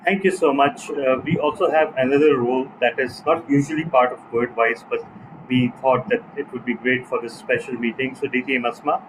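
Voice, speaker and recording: A man hosting a club meeting as toastmaster of the day, measured and pausing with frequent fillers. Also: medium pitch, fairly even intonation. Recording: noisy line with hum behind.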